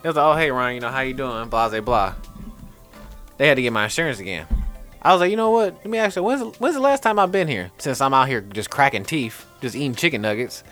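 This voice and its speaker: A man on a podcast, chatting casually and telling a story in slangy, animated speech. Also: mid-range voice, fast talker, soft background music. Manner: animated, slangy, laughs while telling stories.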